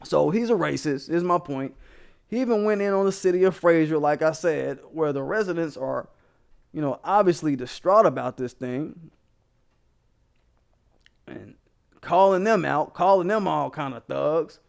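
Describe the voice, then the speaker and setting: A man's voice: a little high, normal speed, creaky, long pauses. Heated, swearing man ranting to viewers. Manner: blunt, heated, swearing constantly, addressing viewers directly. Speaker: commentary channel host. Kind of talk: profane casual commentary.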